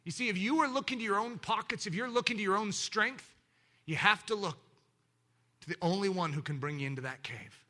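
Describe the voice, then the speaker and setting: A male pastor preaching with a high, very bright voice. He is animated, jumps from loud, emphatic bursts to quiet, intimate asides, and talks to his listeners directly. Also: a little fast. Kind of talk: sermon.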